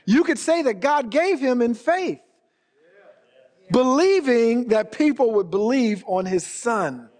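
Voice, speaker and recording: A man's voice: extremely high pitch, animated, slow pace, a little mellow. A man preaching a sermon as pastor, emphatic and repeating his key phrases for weight. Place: church sanctuary. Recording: long reverb of a large hall.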